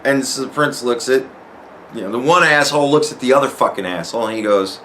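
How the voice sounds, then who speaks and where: A man hosting a podcast, telling a story casually in a profane, animated way and acting out other people's lines. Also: mid-range voice, fast talker, slight background noise, rough recording. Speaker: podcast host.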